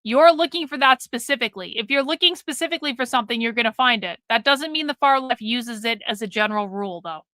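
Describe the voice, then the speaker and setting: A woman's voice: fairly high pitch, animated, fast talker, few pauses, bright, forceful tone. A woman hosting a live stream, commenting bluntly and explaining things to her chat. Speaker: livestream host.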